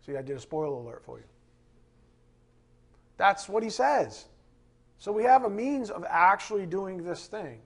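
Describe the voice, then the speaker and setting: Husky guy preaching a sermon, pretty emphatic, cracks jokes at the crowd. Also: high-pitched, expressive, moderate pace, long pauses. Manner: emphatic, with joking asides to the congregation. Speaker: pastor.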